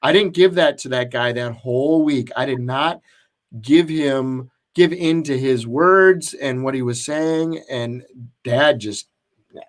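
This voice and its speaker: A man's voice: medium pitch, takes it slowly. A man co-hosting a podcast, telling a long story in casual chat with lots of restarts and fillers. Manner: rambling, many restarts and fillers. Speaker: podcast co-host.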